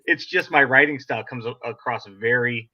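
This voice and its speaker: A man's voice: mid-range voice, moderate pace, sharp tone. A man hosting a casual podcast chat, talking in a blunt, direct, sarcastic way. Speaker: podcast host. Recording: dull lo-fi sound.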